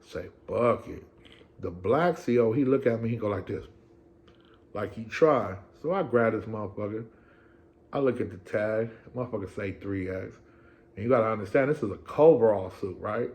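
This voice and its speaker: Gravelly low-voiced man storytelling. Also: moderate pace, darkish tone. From California. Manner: slangy, acts out voices, keeps asking "right?". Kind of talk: casual profane storytelling.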